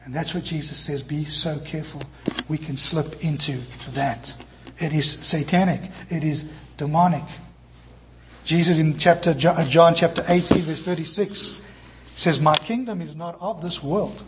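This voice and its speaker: A man preaching a sermon in church, moving between lively emphatic passages and soft, tender quoted lines. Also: a little high, normal speed, noisy background. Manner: animated preaching, quoting scripture in soft tender tones. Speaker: pastor.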